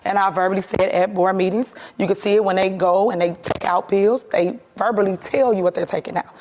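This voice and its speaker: A woman's voice: mid-range voice, fairly even intonation, fairly quick, a little mellow, slight background noise. A woman, a mayor, answering interview questions in an assertive, defensive way, repeating her points firmly.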